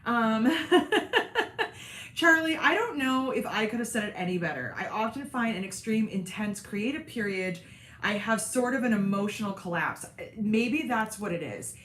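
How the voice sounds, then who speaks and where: A woman's voice: mid-range voice, animated, normal speed, fairly bright tone, roomy sound, slight background noise. A tired woman hosting a casual livestream from home, talking candidly and rambling with lots of "um"s. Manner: candid, self-deprecating, rambling with many "um"s. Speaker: host of a sewing and cork craft channel. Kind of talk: casual livestream chat with viewers. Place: home, seated indoors.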